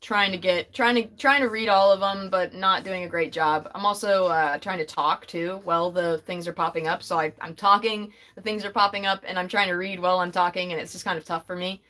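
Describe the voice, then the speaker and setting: A woman's voice: on the low side, fairly even intonation, brisk, few pauses, pushed and bright. Young adult woman, livestream host, casual and chatty with frequent laughter, reads chat aloud.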